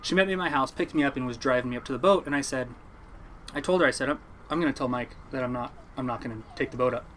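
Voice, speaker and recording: A man's voice: mid-range voice, very fast, a little hiss or hum. A young man, a fishing boat captain, telling a rambling story in casual chat and acting out what others said. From Oregon, United States. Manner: rambling, animated, acts out quotes.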